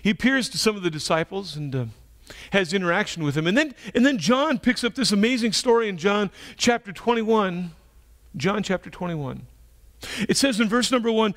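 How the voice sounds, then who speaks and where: High-voiced male pastor telling a story. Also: expressive, normal speed. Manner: storytelling, swinging between hushed and emphatic. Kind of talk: sermon.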